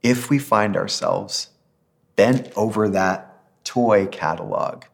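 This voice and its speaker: A man preaching a sermon as pastor, earnest and gentle, ending in a prayer. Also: lowish voice, slow, vocal fry.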